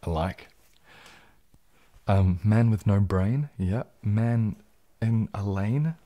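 A man hosting a relaxed, jokey live stream, reading out and answering viewer comments, a little tipsy from champagne and sometimes dropping into a whisper. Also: lowish voice, takes it slowly. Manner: laid-back and jokey, drifting into soft whispers. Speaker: ASMR channel host.

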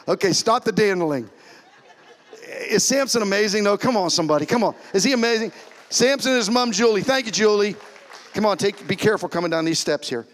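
A man preaching as a pastor in a church, animated, swinging between loud calls and soft, hushed lines. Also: sits high, a little fast. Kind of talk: sermon. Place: church sanctuary.

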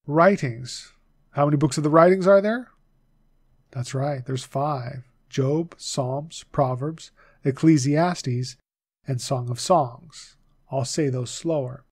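A man giving a video lesson, patiently drilling a list and repeating names slowly so viewers can learn them. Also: mid-range voice, a little mellow, dry recording, clean studio sound. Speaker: Bible teacher.

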